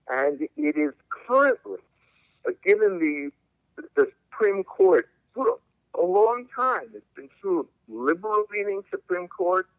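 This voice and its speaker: A man's voice: sits high, dry recording. Emphatic older man on a tinny phone line. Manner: emphatic, argumentative, lawyerly. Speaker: civil liberties attorney guest. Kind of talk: interview answers by phone. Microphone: telephone.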